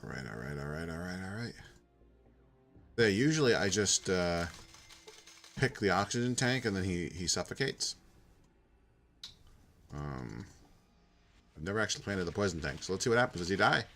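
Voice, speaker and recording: A man's voice: low voice, very animated, normal speed, long pauses, fairly bright tone, faint music behind. A man hosting a let's play, reading game dialogue aloud and talking through his choices in a casual, thinking-aloud way. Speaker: gaming channel host.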